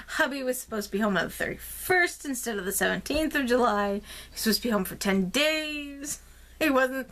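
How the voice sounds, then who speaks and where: A woman's voice: high-pitched, brisk. A woman vlogger in casual chat, telling a story in a chatty, rambling way with many fillers. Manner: rambling and expressive. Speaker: craft vlogger.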